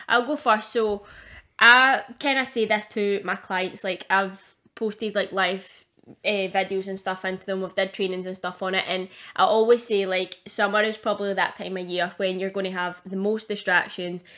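A woman's voice: medium pitch, flat delivery, moderate pace, bright, forceful tone. A young Scottish woman co-hosting a casual podcast as a coach, chatty and rambling, laughing often between her points. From Scotland.

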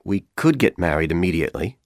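A handsome, scheming young college man, as a male reader plays him, coaxing and calm in a lowish voice. The audiobook recording is dry and close. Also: fast, no room sound. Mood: persuading.

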